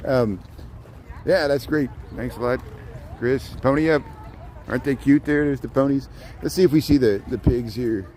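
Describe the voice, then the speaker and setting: A man's voice: medium pitch, normal speed, a little mellow, poor audio. A man walking through a zoo farm and chatting to the camera, joking and talking to the animals. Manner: chatty, jokey, talks to the animals. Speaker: vlogger. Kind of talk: casual walking vlog. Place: outdoor farm area at a city zoo. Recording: outdoor street noise. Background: outdoor ambience, birds, passing vehicles.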